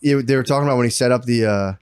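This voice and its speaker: A man tells a story on a comedy podcast, swearing freely and acting out every quoted line in an animated rush. His voice sits at an ordinary middle pitch. It is recorded close and dry, with no room sound at all. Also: rapid-fire, smooth, no room sound. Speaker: podcast co-host. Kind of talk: casual comedic podcast chat. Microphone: podcast mic.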